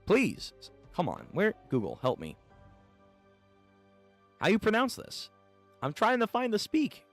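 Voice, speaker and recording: A man's voice: high voice, wildly swooping pitch, a little slow, soft background music. A young man live-streaming his reaction to a manga chapter, reading it aloud and swearing as he talks back to the page.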